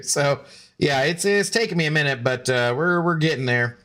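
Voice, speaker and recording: A man in his thirties with a somewhat high voice, chatting casually as he streams a game. He rambles and restarts his sentences often, with faint music underneath. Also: a little fast, fairly bright tone. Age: 30s. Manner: rambling, many fillers and restarts. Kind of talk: casual live-stream chat while gaming.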